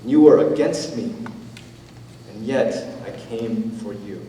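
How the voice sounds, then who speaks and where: A man preaches in a relaxed, conversational way, his low, warm voice gentle rather than forceful. He sounds set back from the microphone. A long church-hall reverb trails each phrase. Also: slow, slight background noise. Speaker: pastor. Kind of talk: sermon. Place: church sanctuary. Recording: roomy church hall, from a distance.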